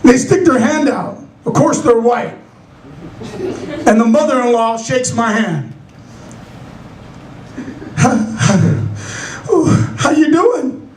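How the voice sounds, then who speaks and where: A middle-aged man from San Francisco with a strikingly high voice tells stand-up stories, acting out characters in raised voices. He is recorded from across an echoey club, with faint room noise behind him. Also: animated, unhurried, long pauses, far from the mic. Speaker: stand-up comedian. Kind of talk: stand-up comedy set. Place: comedy club stage.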